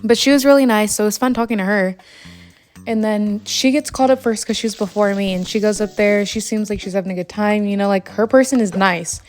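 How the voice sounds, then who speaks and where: Soft background music accompanies a young female vlogger gaming at home at night. Speaking fairly quickly in a medium, slightly mellow voice, she tells a story through a long, frustrated, filler-laden rant.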